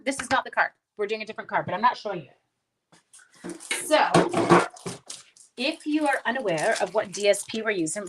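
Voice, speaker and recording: A woman's voice: a little high, fairly bright tone, a little hiss or hum. Chatty woman teaching a craft class live. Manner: chatty, greets viewers by name, self-deprecating asides; rambling storyteller mid-task. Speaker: card-making instructor. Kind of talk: casual live-stream craft tutorial.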